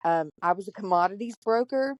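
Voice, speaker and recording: A woman's voice: mid-range voice, animated, brisk, no room sound, lo-fi sound. A woman hosting a podcast, telling her story candidly and bluntly, with plenty of profanity. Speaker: podcast host. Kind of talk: casual storytelling chat.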